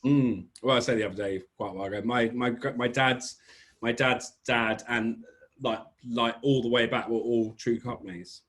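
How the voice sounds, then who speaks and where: A man's voice: medium pitch, fairly even intonation, moderate pace, a bit bright. A British man with an English accent, a small business owner chatting as a podcast guest, telling rambling stories and correcting himself as he goes. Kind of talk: casual podcast interview.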